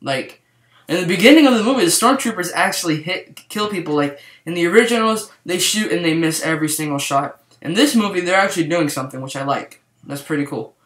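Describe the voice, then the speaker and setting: A young man rambling excitedly through a casual movie review, full of fillers and restarts. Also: high voice, a little fast. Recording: echoey room.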